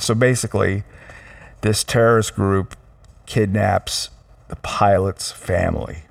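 A man's voice: lowish voice, unhurried, creaky. A middle-aged father co-hosting a casual chat at home, rambling with lots of restarts. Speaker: father and podcast co-host. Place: home room with air conditioner.

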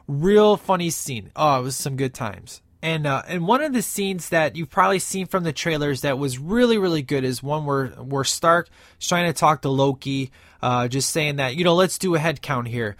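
A man's voice: a little high, lively intonation, moderate pace, hardly any pauses, fairly bright tone, no echo, studio quality. A man giving a casual, enthusiastic movie review, rambling with many fillers and restarts.

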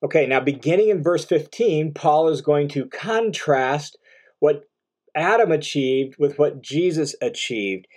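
Man teaching a Bible passage, slightly high voice. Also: expressive, unhurried, darkish tone, slightly rough. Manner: explanatory, reads verses aloud then unpacks them; occasional fillers and restarts, conversational teaching. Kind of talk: verse-by-verse Bible commentary.

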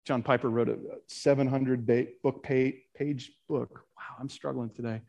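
A man's voice: mid-range voice, normal speed, vocal fry, hardly any pauses, a little mellow, slightly rough. A man preaching a sermon in an earnest way, reading scripture and creeds aloud with rising emphasis and sometimes stumbling over his words. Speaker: pastor.

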